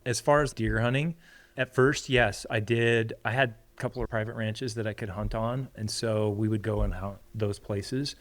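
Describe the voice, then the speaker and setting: A man, a podcast guest, telling a story in a casual, animated way and acting out the quoted lines. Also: normal speed. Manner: animated storyteller, acts out quotes with big pitch jumps.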